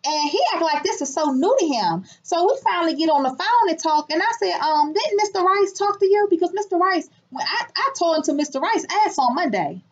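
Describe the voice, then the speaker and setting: A woman telling a story in a casual vlog from her clinic, indignant and animated, acting out the people she quotes. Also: extremely high pitch, brisk, hardly any pauses. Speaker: business owner and healer. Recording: muffled lo-fi sound.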